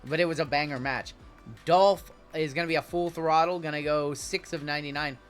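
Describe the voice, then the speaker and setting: A man's voice: a little high, steady tone, fairly quick, smooth, faint music behind. A man hosting a live card break, chatting with viewers as he calls out cards and spots. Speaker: sports card break host.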